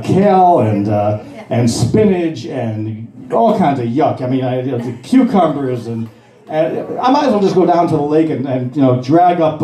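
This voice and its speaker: A man in his sixties doing amateur stand-up comedy, rambling and halting, with many fillers and restarts. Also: a little high, dark tone, echoey room. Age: 60s.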